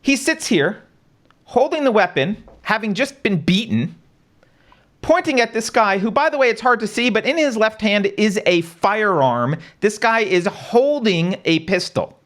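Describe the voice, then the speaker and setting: A man hosting a talk show, speaking in a fairly high voice that swings widely in pitch. He lays out a chain of events step by step, poses rhetorical questions to his co-host and keeps checking in with a casual "right?". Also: animated, unhurried, a bit bright. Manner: casual, conversational, says "right?" often. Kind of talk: live-stream commentary.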